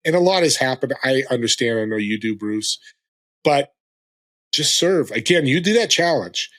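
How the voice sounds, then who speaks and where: A man in his sixties, a guest on a podcast and a fellow show host, speaks earnestly and motivationally, urging listeners to act. His mid-range voice is a bit bright, with lively intonation at normal speed, in a casual interview chat.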